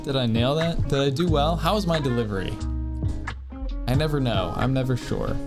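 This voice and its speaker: A man streaming a game, talking casually in a rambling, self-mocking way at a mid pitch. Soft music plays faintly behind him. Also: normal speed. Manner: rambling, self-deprecating, jokey.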